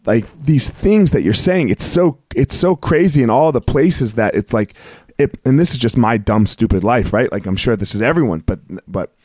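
Male host, excitable storyteller, rambling with many fillers, dry close sound. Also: medium pitch, moderate pace, dry recording. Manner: rambling, heavy on filler words and restarts; excitable, emphatic. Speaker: podcast host. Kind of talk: casual storytelling chat.

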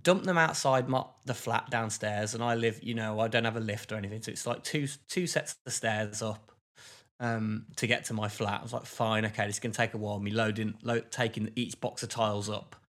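A man, co-hosting a podcast and telling a story in casual chat, with lively bursts of exasperation. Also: fairly low pitch, brisk. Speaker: podcast co-host.

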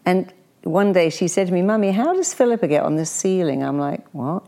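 A woman with a low voice and a gravelly, creaky edge speaks as a podcast guest. Her tone is dark and mellow as she chats and tells stories. She acts out the people she quotes with lively shifts. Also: a little fast. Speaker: guest, coach with clients. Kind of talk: conversational podcast storytelling.

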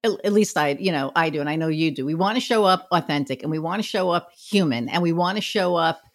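A woman's voice: deep voice, fast talker. A woman who runs a marketing business, chatting casually and candidly, swearing freely and acting out what people said. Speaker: podcast guest, marketing business owner. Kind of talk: casual chat.

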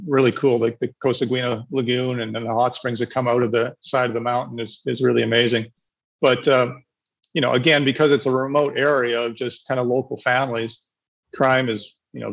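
A man with a gravelly, slightly husky voice gives a loose webinar presentation. He rambles, restarts his sentences and fills gaps with "um" and "you know.". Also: medium pitch, a bit bright, low-quality recording. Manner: rambling, with many restarts and fillers. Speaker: agroforestry project presenter.

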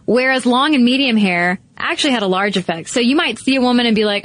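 A woman co-hosting a casual chat show, animated and full of "like" fillers. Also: fairly high pitch, quick pace, dry recording. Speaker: podcast co-host.

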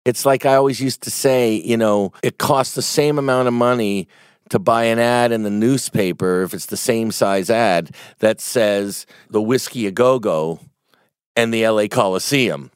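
A middle-aged man from Canada, a music manager being interviewed, explaining his view at a measured pace with examples. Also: fairly low pitch, smooth, no room sound. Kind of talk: conversational interview.

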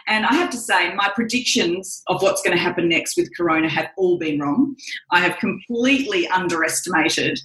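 A woman's voice: lowish voice, a little fast, a bit bright. Australian woman, middle-aged, chatty guest, self-mocking, roomy sound. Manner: candid, rambling, self-mocking, many fillers. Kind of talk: casual emotional interview chat. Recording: roomy echo.

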